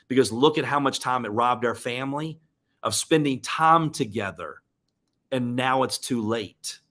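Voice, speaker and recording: A man's voice: medium pitch, moderate pace, sharp tone. A man hosting a motivational live stream, speaking earnestly and emotionally. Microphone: webcam or desk mic on live stream.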